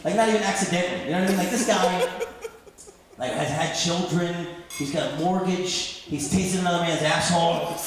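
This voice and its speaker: On a club stage, a man in his thirties delivers self-deprecating, rambling stand-up in a high voice at a fairly quick pace. The background is noisy, the hall echoes, and the audience is laughing.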